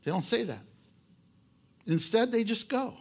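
Male pastor, high voice with big swings in pitch, lively and joking, asks his congregation rhetorical questions. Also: a little slow, slightly rough. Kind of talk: sermon.

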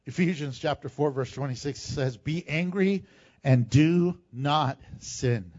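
Unhurried but animated the whole way, a pastor with a high, lively voice preaches to his church, mixing scripture readings with plain talk. The recording has a dull, lo-fi quality.

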